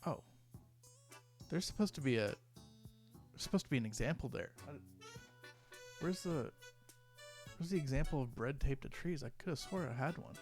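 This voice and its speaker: A young man riffs through a comedy commentary at a middle pitch, tripping over his own sentences and doubling back as he reads posts out. A faint bed of music plays quietly under his voice. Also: lively intonation, moderate pace, pauses often. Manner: rambling, self-interrupting, reads posts aloud. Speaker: YouTuber.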